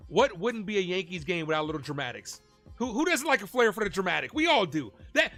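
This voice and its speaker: With an extremely high-pitched voice, this man calls live play-by-play on his stream as a fan. He gets excitable and yells at big plays, chatting with viewers and reading their donations along the way.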